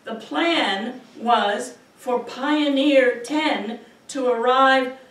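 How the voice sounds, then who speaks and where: Slow, high-voiced woman reading poetry. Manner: measured, expressive reading. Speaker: poet. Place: university auditorium. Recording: echoey auditorium from far off.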